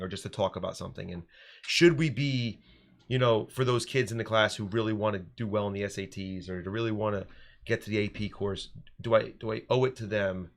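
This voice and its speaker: A man in his thirties with a fairly low voice talks through a casual podcast discussion as a teacher. He tells stories in an animated way and often restarts his sentences. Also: creaky. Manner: animated storytelling, frequent restarts.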